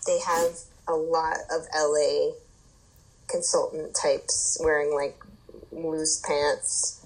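A woman with a fairly low voice hosts a podcast in casual chat. She rambles through her story and fills it with "like" and "um". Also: level tone, slow pace, poor audio. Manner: rambling, filler-heavy storytelling.

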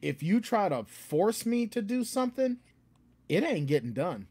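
Animated man in casual chat. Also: high voice, moderate pace, breathy edge. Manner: animated, bursts into loud ranting put-on voices. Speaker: guest author.

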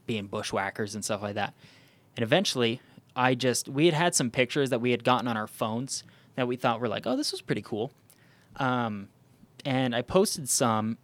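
A man hosting a podcast, telling a hiking story in casual chat, with lots of "um" and "like" and frequent restarts. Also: mid-range voice. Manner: rambling, many fillers and restarts. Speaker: podcast host.

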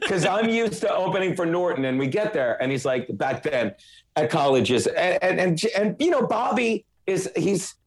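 A man's voice: high-pitched, big pitch swings, moderate pace. A man hosting a podcast, ranting emphatically and with lots of profanity in casual chat. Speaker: podcast host.

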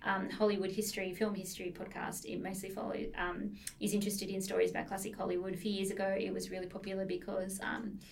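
A woman's voice: medium pitch, flat delivery, fast talker, gravelly, few pauses, recorded from a distance, slight background noise. A woman co-hosting a casual chat about books, telling stories enthusiastically and laughing often. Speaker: podcast co-host discussing books.

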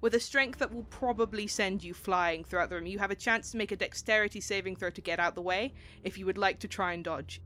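A woman narrating a tabletop game as game master, in a casual, animated way, swearing freely. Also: medium pitch, quick pace, hardly any pauses.

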